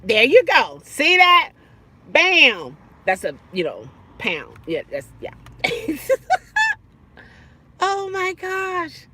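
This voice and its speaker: A woman chatting casually with live viewers from her car, animated and quick to exclaim and laugh. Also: a little high, breathy edge. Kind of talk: casual live-stream chat.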